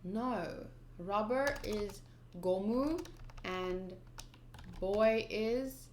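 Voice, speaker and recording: A woman's voice: mid-range voice, extremely slow, a little mellow, slight background noise. A woman reading a manga aloud in a casual, chatty way, thinking aloud and giggling at the panels. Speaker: manga reader. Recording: echoey room.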